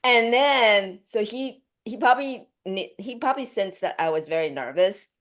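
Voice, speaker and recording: A woman telling a story as an interview guest, lively and chatty, jumping up in pitch when she acts out what people said. Her delivery is casual and full of fillers and restarts. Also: moderate pace. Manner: animated storyteller, laughing, acting out quotes with pitch leaps.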